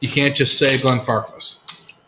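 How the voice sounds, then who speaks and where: A man's voice: medium pitch, fairly even intonation, a little slow, background noise. A man hosting a casual live whisky chat, laid-back and swearing freely as he tells stories. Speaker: whisky show host.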